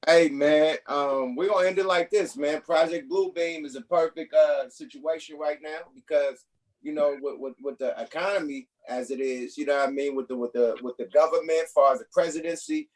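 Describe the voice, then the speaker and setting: A man's voice: a little high, fairly even intonation, normal speed, darkish tone. A man hosting a podcast, telling stories in loose, slangy casual chat. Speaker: podcast host. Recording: voice a bit far from the mic.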